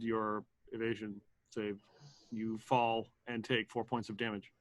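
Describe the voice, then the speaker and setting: A man's voice: on the low side, flat delivery, unhurried, no room sound. A man running a tabletop game as game master, narrating with frequent fillers and restarts. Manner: hesitant, filler-heavy narration.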